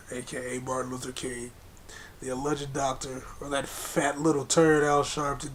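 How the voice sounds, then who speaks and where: A man's voice: medium pitch, a little hiss or hum. A man delivering an angry, profane monologue rant, hammering his points with repetition in a confrontational way. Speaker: political commentator.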